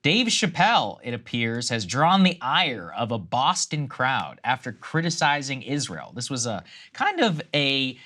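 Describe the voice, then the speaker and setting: A man's voice: mid-range voice, big pitch swings, unhurried, hardly any pauses, pushed and bright. A man co-hosting a political news show, reading reports aloud and then riffing with restarts. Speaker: co-host.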